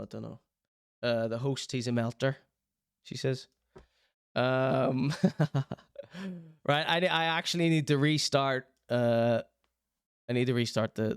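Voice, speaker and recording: A man hosts a casual livestream, working himself into theatrical, mock-outraged rants. His voice is smooth and resonant, sitting a little high for a man. It is recorded close and dry. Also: dry recording. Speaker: streaming show host.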